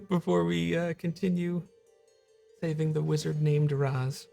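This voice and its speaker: A man running a tabletop game as game master, playful and quick to laugh. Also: fairly high pitch, steady tone, vocal fry, dark tone, soft background music. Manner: playful, joking, laughs a lot.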